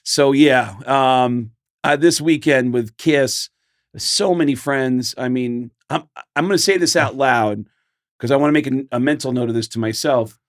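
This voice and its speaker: An animated middle-aged man co-hosting a podcast, spinning comic stories and slipping into other people's voices as he goes. His pitch sits in the ordinary middle range, and the sound is close and dry. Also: measured pace, no echo. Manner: animated storyteller, acts out quotes. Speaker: podcast co-host; comedian. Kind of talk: casual chat.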